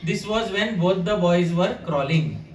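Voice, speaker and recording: A man's voice: high voice, unhurried. A man, a devotional speaker telling a sacred story as a sermon at a house gathering, speaking animatedly and quizzing his listeners. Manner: animated, addresses the audience with questions. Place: living room at a house gathering. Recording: echoey room, distant mic, faint hiss.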